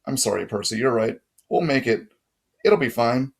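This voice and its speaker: A man's voice: mid-range voice, lively intonation, moderate pace, vocal fry, slightly rough. A man voicing an earnest, level-headed young girl who speaks steadily.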